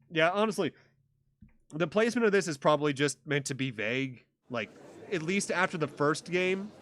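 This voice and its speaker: Young male let's-player, wry and rambly, animated delivery. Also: fairly high pitch, normal speed. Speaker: let's play streamer. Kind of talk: casual game commentary.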